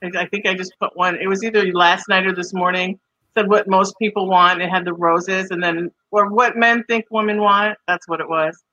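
Woman, 40s, storytelling co-host, bright edgy tone, unhurried, dry close mic. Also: medium pitch, fairly even intonation, no room sound, highs cut off. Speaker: podcast co-host. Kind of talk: casual chat, personal stories.

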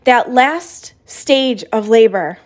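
Earnest woman coaching, slightly high voice. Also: animated, slow. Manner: earnest, emphatic, repetitive. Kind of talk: motivational podcast talk.

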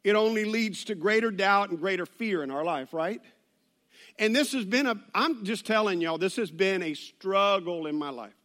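A man's voice: sits high, moderate pace, fairly bright tone. A man preaching a sermon in a church, conversational with joking asides and rambling restarts. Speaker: pastor.

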